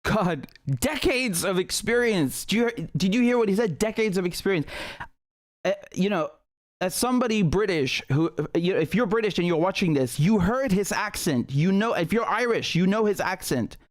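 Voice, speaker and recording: A man's voice: sits high, expressive, fairly quick. A man hosting a live stream, commenting on news footage in an indignant, emphatic way with frequent swearing. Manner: many fillers and restarts while ranting.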